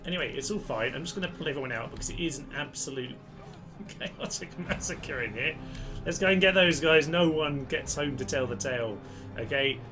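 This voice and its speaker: A man giving chatty, excitable commentary on a strategy game, cheering his troops on. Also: mid-range voice. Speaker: gaming channel host. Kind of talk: casual gameplay commentary. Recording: gameplay commentary with loud music behind. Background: guitar music.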